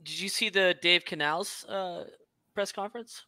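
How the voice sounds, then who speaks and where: Bright-voiced man on a sports podcast. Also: sits high, a little slow, no room sound. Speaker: podcast co-host. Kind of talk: casual sports podcast chat.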